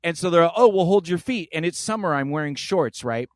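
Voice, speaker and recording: A brisk podcast host with a slightly high voice tells stories in a casual chat, animated and acting out voices, on a dry recording.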